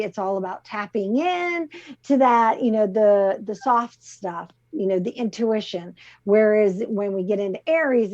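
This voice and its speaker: A middle-aged woman co-hosting a talk show, chatting easily and laughing often as she gently explains things over a video call. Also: medium pitch. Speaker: co-host presenting the crystal of the week. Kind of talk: casual chat. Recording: slightly muffled call audio.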